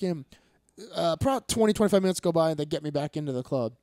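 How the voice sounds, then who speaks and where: High-voiced man telling a wild story. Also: fast talker, no echo, clean studio sound. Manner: animated, profane storyteller acting out quotes loudly. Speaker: fighter and podcast guest. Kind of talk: casual storytelling chat.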